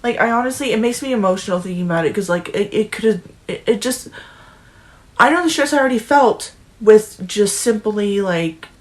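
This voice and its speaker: A woman's voice: medium pitch, expressive, moderate pace. Profane ranting young woman vlogger. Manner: profane, emotional, ranting, restarts often. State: near tears. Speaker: political commentary vlogger. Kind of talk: angry political rant vlog.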